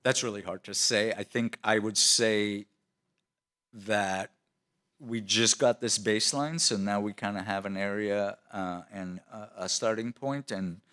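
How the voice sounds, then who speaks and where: A city department official answering questions at a council meeting in a conversational way, with many fillers and restarts. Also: male voice, fairly low pitch, a little slow, pushed and bright, clear, resonant tone.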